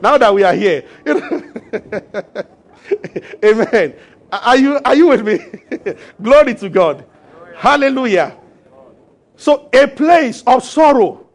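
A man preaching a sermon as pastor, animated and acting out voices. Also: extremely high pitch, slow, pauses often. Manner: animated, acts out voices and laughs with the congregation.

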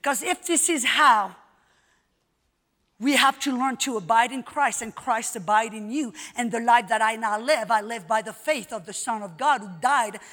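High-voiced woman preaching in a reverberant hall. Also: normal speed, fairly bright tone. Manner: emphatic, repeating phrases with rising force. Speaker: Bible teacher. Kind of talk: sermon. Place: large hall at a live event.

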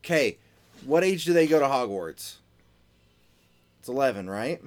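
Laid-back, lively-pitched podcast co-host man. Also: normal speed. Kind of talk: casual chat.

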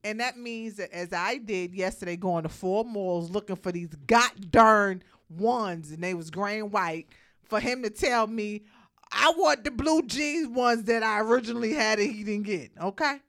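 A woman's voice: medium pitch, moderate pace, a bit bright. A young woman co-hosting a radio show, joking and laughing as she chats on the mic. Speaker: radio co-host. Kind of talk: casual radio banter. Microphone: studio microphone.

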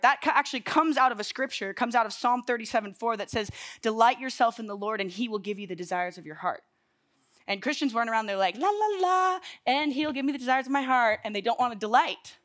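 A woman's voice: a little high, a bit bright. A young woman giving a casual, chatty sermon in a packed church hall, laughing at her own stories. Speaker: young adults speaker.

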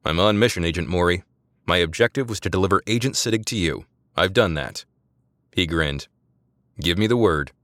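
Man doing a fearless agent, calm and defiant, low dry audiobook voice. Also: moderate pace, long pauses, dry recording. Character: fearless, grinning male agent hostage.

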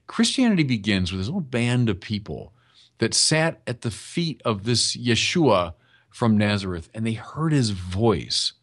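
Lively, conversational older male preacher. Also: mid-range voice. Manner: conversational, emphatic, addresses listeners as friends. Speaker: bishop preaching. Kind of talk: sermon.

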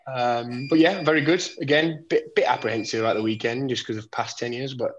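A man's voice: medium pitch, fairly even intonation, brisk, highs cut off, a little hiss or hum. A man, a guest on a football podcast, easygoing and hesitant, with many ums. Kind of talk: casual football podcast chat.

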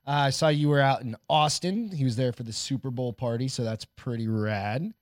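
Male co-host, easygoing and profane, mid-pitch, dry close mic. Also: moderate pace, no echo. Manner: laid-back, swears often, jokey. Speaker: podcast co-host. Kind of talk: casual live-stream chat.

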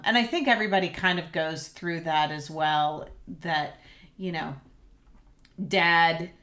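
Woman podcast host, low voice, unhurried, musing delivery, casual film discussion. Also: fairly bright tone. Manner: slow, thoughtful, with many fillers.

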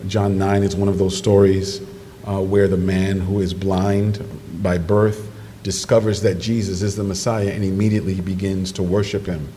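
A man preaching a sermon, animated storytelling that jumps into excited quoted voices. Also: low voice, moderate pace. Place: church sanctuary. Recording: distant microphone in a reverberant church hall with noise.

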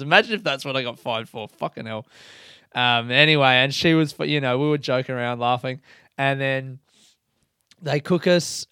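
Young aussie guy, laid-back rambly monologue, smooth clear voice, dry close sound, self-mocking. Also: mid-range voice, a bit bright, no room sound. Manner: rambling, self-deprecating, swears freely. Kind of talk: casual monologue.

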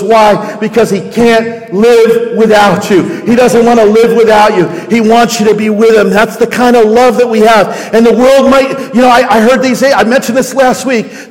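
A raspy-voiced man with a New Jersey accent preaches with fervor, driving his points home through repetition. His voice sits high for a man, and it carries a long reverb through a large church hall. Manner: impassioned, repeating phrases for emphasis. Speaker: pastor. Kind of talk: sermon.

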